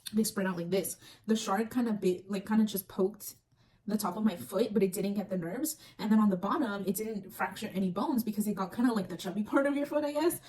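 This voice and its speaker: Speaking a little fast in a medium-pitched, darkish voice, a young vlogger recounts something that happened to her. She's chatty, uses lots of fillers, and acts out scenes, all captured from a distant mic with faint noise.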